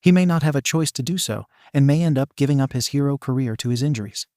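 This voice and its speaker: A man's voice: medium pitch, quick pace, warm tone, no echo, clean studio sound, close to an everyday voice. A man reading the lines of a worried young female hero student, in a fan storybook reading.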